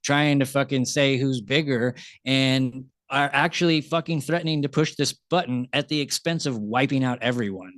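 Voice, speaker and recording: A man's voice: mid-range voice, normal speed, hardly any pauses, fairly bright tone, no echo. Blunt, swearing man on a podcast. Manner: blunt, heavy swearing, mimics people in quotes. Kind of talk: casual podcast chat.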